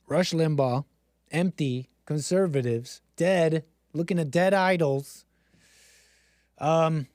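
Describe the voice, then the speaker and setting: A man's voice: on the high side, a little mellow, no room sound, clean studio sound. Rambling sarcastic man on a livestream. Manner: rambling, sarcastic, mocks others with exaggerated gasps. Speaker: livestream host. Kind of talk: casual livestream commentary.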